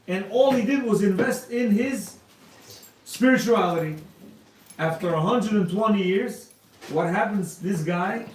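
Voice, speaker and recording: High-voiced man lecturing in an echoey hall. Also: a little mellow, a little hiss or hum. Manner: conversational, rhetorical questions, acts out quoted speech. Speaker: rabbi giving a Torah class. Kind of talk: informal Torah lecture to men. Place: hall with a live audience. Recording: roomy echo, distant mic.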